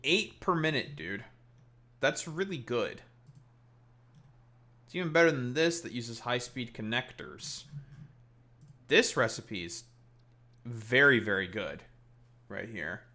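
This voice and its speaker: Man, live streamer, bright forceful voice, swears a lot, rants at chat. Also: medium pitch, expressive, slow pace, long pauses. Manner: profane, ranting at chat. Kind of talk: casual live-stream gaming commentary.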